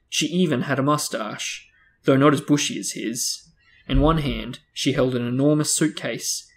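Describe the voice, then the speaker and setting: Gravelly guy reading a book out loud, even steady storyteller. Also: medium pitch. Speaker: host reading a novel aloud. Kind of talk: reading a book aloud for discussion.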